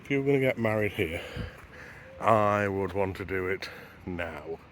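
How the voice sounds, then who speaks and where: A man's voice: low voice, lively intonation, a little slow, a bit bright, slight background noise. A man vlogging as he walks a beach at sunrise, chatting to camera and wondering aloud as he goes. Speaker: travel vlogger. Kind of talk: casual walking narration to camera. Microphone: handheld camera while walking.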